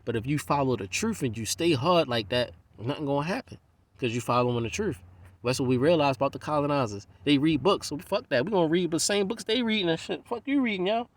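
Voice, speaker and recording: A man from the US East Coast giving a casual, profane, streetwise monologue, animated and jumping into other people's voices as he talks. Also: fairly high pitch, fast.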